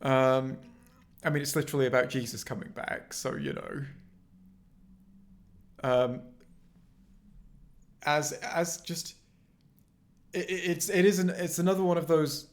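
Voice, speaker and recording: A man's voice: a little high, fairly even intonation, measured pace, pauses often. A man co-hosting a casual livestream from home on a headset mic, rambling with many restarts and fillers. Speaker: co-host. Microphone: headphones with mic.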